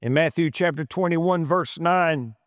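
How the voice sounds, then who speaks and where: Pastor guy preaching, kinda high voice, dry close sound, hammers his points. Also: unhurried, no echo. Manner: emphatic, repeats phrases for stress. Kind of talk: sermon.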